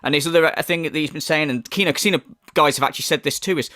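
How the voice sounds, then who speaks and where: A man's voice: a little high, very animated, fast talker, hardly any pauses, sharp tone, no echo, clean studio sound. A man doing a profane, mocking commentary rant. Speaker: commentary YouTuber. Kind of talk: ranting video commentary.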